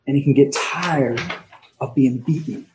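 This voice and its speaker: A male pastor preaching an emphatic sermon, slowing down and swinging between loud stresses and quiet asides. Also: mid-range voice, noisy background. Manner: emphatic preaching with dramatic pauses and swings in volume.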